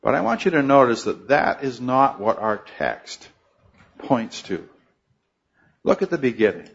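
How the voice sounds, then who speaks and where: A man's voice: mid-range voice, very animated, slow pace, creaky, pauses often. Earnest male preacher, slightly dull sound. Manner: earnest teaching tone, rising emphasis on key phrases. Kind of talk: expository sermon.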